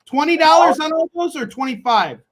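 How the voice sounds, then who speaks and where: A man co-hosting a live comic shop sales show, pitching deals in an excitable, loud way and shouting catchphrases. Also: a little fast, echoey room, low-quality recording.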